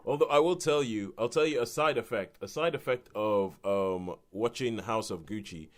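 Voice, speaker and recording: A British man co-hosting a podcast, reviewing films in a rambling, animated way with restarts and laughs. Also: lowish voice, moderate pace. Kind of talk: casual film review chat.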